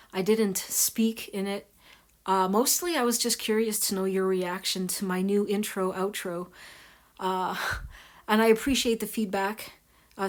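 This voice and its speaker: Soft-spoken, hesitant woman vlogger. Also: medium pitch. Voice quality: soft voice that viewers compare to ASMR. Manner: hesitant, many pauses and fillers. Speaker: video channel host. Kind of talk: casual monologue to viewers.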